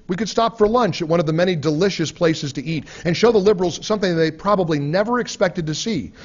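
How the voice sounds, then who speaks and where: A man's voice: sits high, breathy edge. Sarcastic man reading a book aloud. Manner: sarcastic, mocking. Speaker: audiobook reader. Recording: dull lo-fi recording.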